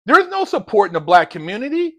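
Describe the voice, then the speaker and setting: A man's voice: high voice, very animated, brisk, pushed and bright, no room sound. A man ranting bluntly in a heated, lecturing commentary, using street slang, as a motivational vlogger.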